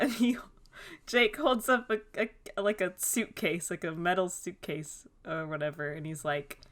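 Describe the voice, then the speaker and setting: Giggly woman podcast co-host with a bright voice. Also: fairly low pitch, unhurried. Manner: giggly, laughs often while retelling scenes. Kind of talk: casual chat recapping a cartoon.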